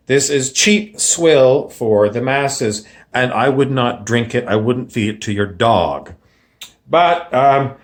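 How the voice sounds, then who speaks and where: Sketch: man as a snobbish fake golf-and-wine know-it-all, slow and assured. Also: mid-range voice, lightly acted. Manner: mock-confident, snobbish. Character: pompous would-be golf and wine expert, grown man. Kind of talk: comedy sketch character.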